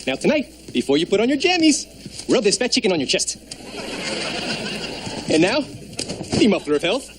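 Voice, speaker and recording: A fussy, devoted hotel bellhop, with a theatrical, fretting delivery. His voice swings lively up and down. The sitcom soundtrack behind him is noisy. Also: high-pitched, normal speed, long pauses. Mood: fussing. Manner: theatrical, fussing.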